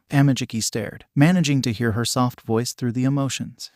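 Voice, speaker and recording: A man narrating a fan fiction story in an even, steady reading. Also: mid-range voice, moderate pace, few pauses, no echo, clean studio sound.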